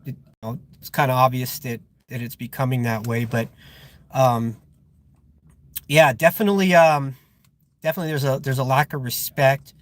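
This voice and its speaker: A man's voice: medium pitch, fairly even intonation, moderate pace, long pauses. A man working as a security guard, chatting casually on a live stream, rambling with fillers and sounding irritated. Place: outdoors at a guarded facility.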